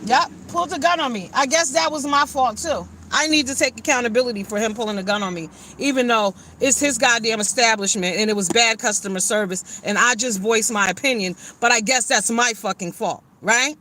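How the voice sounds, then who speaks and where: A woman's voice: fairly high pitch, fairly quick, few pauses, sharp tone, a little hiss or hum. A woman hosting a livestream, ranting bluntly with plenty of swearing and greeting viewers by name. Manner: blunt, profane, fired-up. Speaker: livestream host. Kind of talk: livestream chat and rant.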